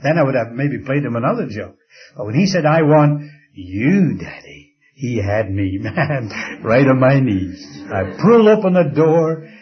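Older male preacher, slow dramatic sermon delivery with hushed drops, mid-pitched, slightly muffled lo-fi recording. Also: big pitch swings. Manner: slow, dramatic storytelling with soft drops to a hush.

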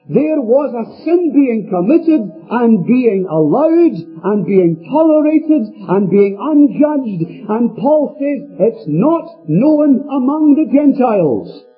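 A man's voice: very high-pitched, very animated, takes it slowly. A man preaching an earnest sermon to a congregation, with a swooping delivery. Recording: tinny phone-like radio recording with faint music.

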